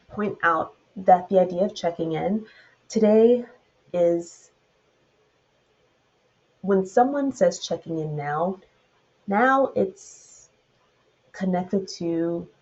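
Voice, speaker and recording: A woman's voice: lowish voice, a little mellow, highs cut off. A woman with a Southern US accent teaching a Bible study, retelling the verses and then adding loose commentary of her own.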